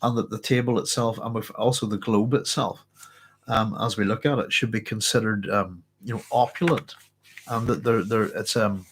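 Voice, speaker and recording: A man's voice: fairly low pitch, fairly even intonation, moderate pace, a little hiss or hum. A man hosting a casual book club, congested and a little muffled, chatting and rambling with many restarts. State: congested, blocked-up nose. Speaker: book club host and teacher. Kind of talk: casual book discussion with reading aloud.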